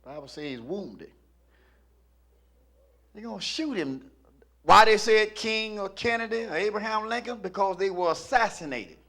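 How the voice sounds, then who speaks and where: Male pastor, high voice, rhythmic preaching from hush to shout. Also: expressive, normal speed, long pauses. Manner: rhythmic preaching that swings from low murmurs to shouting. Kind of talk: sermon.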